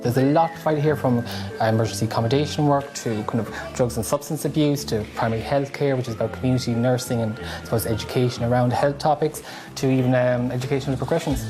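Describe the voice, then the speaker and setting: An Irish man talks in a documentary interview at an even middle pitch. He is earnest and reflective as he speaks. Soft music plays behind him. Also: fast talker, hardly any pauses. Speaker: community board member.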